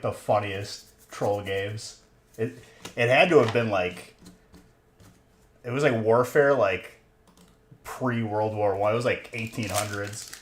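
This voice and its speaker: A young man hosting a livestream, chatting casually with viewers in a laid-back way, talking through a headset. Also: on the low side. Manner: laid-back, says "dude" and "bro" often. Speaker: livestream host of card box breaks. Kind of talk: casual chat with stream chat. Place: room in a collectibles shop. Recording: echoey room with faint noise.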